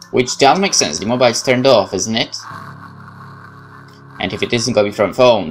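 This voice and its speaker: A man hosting a let's play, reading a horror game's narration aloud in an expressive way that rises on exclamations. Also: mid-range voice, normal speed, long pauses, slight background noise. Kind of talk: dramatic reading of game text.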